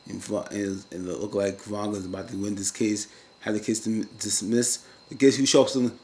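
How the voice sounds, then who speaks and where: A man casually recapping a TV episode in a slangy, rambling way, breaking into loud, high-pitched rants now and then. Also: little pitch movement, moderate pace. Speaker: TV recap vlogger.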